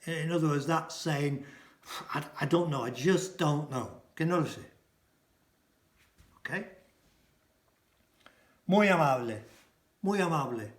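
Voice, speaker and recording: A man teaching a casual language lesson, repeating each phrase slowly and translating it. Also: on the high side, expressive, roomy sound. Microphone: camera mic.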